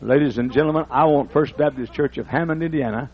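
A man preaching a sermon, dropping to low talk and rising to shouted, half-sung hymn lines. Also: fast, dull audio. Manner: swings from low mutter to shouted singing of hymns. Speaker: pastor.

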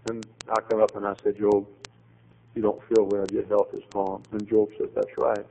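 A man preaching a sermon, telling a story with acted dialogue and swings to loud, high emphatic climaxes. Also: flat delivery, normal speed, gravelly, rough recording.

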